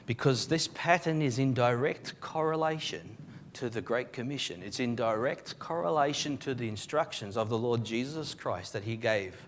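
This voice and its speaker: A man, a pastor preaching a live sermon in church, telling the story with emphatic, animated delivery and frequent restarts. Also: mid-range voice, moderate pace, slight background noise. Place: church service.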